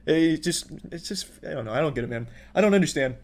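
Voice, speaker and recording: Man, thirties, commentary host, somewhat high-pitched, exasperated, swearing often. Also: animated, fast talker, darkish tone. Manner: exasperated, profane ranting. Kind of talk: reaction commentary.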